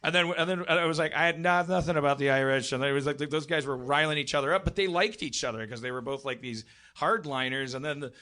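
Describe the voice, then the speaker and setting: A man's voice: fairly high pitch, quick pace, pushed and bright. Rambling man telling a bar story. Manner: rambling, self-interrupting, lots of restarts. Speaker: podcast host telling a story. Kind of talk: live comedy podcast storytelling. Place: live stage show.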